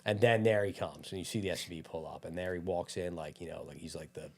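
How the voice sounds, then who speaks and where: A young adult man, a gym owner, telling a lively story in casual chat, acting out quotes and laughing often. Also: low voice, quick pace. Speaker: gym owner, podcast guest.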